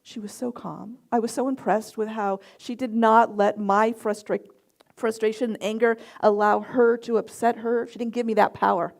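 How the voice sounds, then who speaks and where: A middle-aged woman minister preaching at a church service, with a slightly high voice and a gravelly edge. She tells personal stories in an animated way and acts out her own reactions as she goes. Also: moderate pace. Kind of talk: sermon with personal anecdotes.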